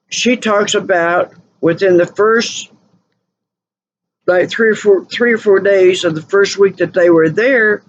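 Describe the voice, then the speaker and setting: A woman telling stories in a rambling, casual monologue, repeating and correcting herself. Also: fairly low pitch. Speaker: channel host. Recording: dull lo-fi recording with faint noise.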